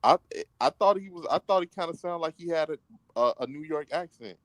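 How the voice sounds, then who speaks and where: A man's voice: fairly high pitch, brisk, no room sound, low-quality recording. A man chatting casually in a laid-back, slangy way as a co-host. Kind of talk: casual chat.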